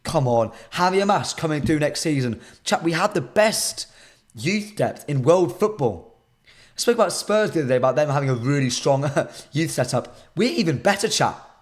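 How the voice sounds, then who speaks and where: Hoarse man chatting to a live stream. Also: on the high side, animated, moderate pace. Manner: chatty, repeats himself, talks to chat. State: voice shot. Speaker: football channel presenter.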